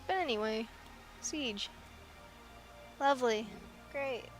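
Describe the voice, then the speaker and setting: A woman's voice: a little high, slow pace, soft background music. Giggly rambling woman drawing. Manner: rambling, giggly, self-deprecating asides. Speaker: artist drawing on stream. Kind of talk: casual chat while drawing.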